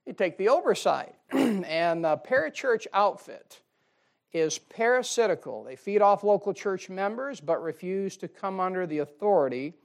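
A man's voice: high voice, lively intonation, moderate pace, vocal fry. A middle-aged man preaching a sermon as pastor, in a folksy, conversational way with chuckles and asides.

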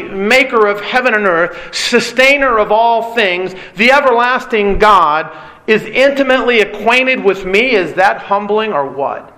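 A man delivering a sermon in a high, bright, forceful voice. He preaches earnestly, leaning on repetition and deliberate pauses to drive each point home. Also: poor audio.

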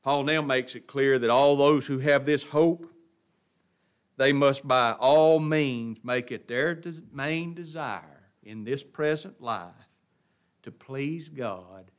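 A man preaching a sermon, asking rhetorical questions and answering them, swinging from hushed drops to emphatic bursts. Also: medium pitch, takes it slowly.

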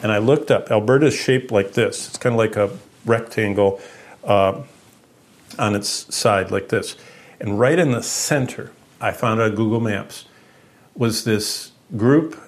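A man preaching a sermon as pastor, in an earnest teaching manner, with lively swings in pitch and loudness. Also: measured pace.

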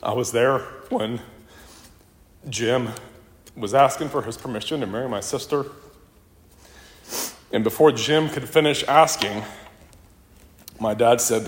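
A man's voice: medium pitch, a little slow, pauses often. A middle-aged man, a son, delivering a funeral eulogy for his father and telling family stories in a reflective way. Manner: reflective storytelling, with warm anecdotes. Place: church in a large hall. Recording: echoey church hall.

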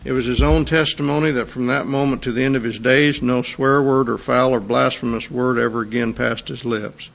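A man's voice: mid-range voice, steady tone, brisk, creaky, hardly any pauses. A man preaching a sermon, reading a testimony aloud and then expounding on it with rising intensity. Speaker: pastor.

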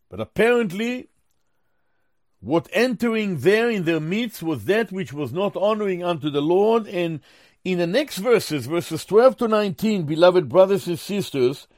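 A man preaching a Bible sermon, teaching slowly and with emphasis, often addressing his listeners as beloved brothers and sisters. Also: sits high, expressive, darkish tone, dry recording, clean studio sound.

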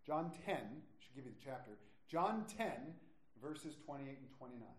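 A man preaching a sermon, stressing words slowly and dropping to quiet asides. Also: mid-range voice, animated. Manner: emphatic, drawn-out stresses, drops to quiet asides. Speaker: pastor. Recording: echoey room.

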